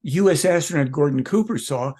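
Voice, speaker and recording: An older man talks as a guest in an interview, pressing his points hard and circling back to restart sentences. His voice sits a little high for a man and has a husky edge. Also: animated, brisk, darkish tone. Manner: emphatic, rambling, with self-corrections. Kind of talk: conversational interview.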